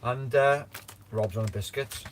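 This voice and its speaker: Guy hosting a livestream, laughs a lot, swears, trips over his words, mid-pitched voice. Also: a little slow, a little hiss or hum. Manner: laughing, swearing, rambling with many restarts. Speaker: livestream host. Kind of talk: casual livestream chat.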